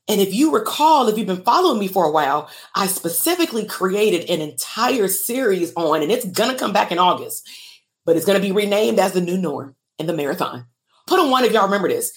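A therapist and business coach chats on a casual livestream, speaking fairly quickly in a mid-range voice with big pitch swings. She's open and emotional with viewers and urges them to leave comments.

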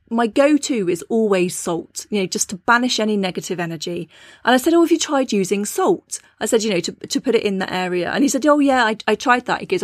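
A woman's voice: medium pitch, no room sound, studio quality. A woman hosting a talk on witchcraft, speaking in a chatty, anecdotal way and laughing often. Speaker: podcast host. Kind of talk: casual spiritual teaching talk.

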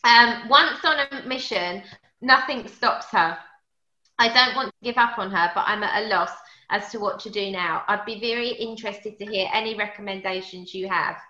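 A woman co-hosting a casual chat, reading out listener questions in a lively, animated way. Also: mid-range voice, normal speed. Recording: roomy, slightly lo-fi sound.

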